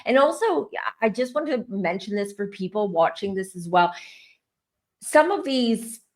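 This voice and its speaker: A woman's voice: mid-range voice, expressive, a little slow. A woman hosting a casual chat as a psychic medium, talking emphatically with restarts. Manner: emphatic, rambling, frequent restarts.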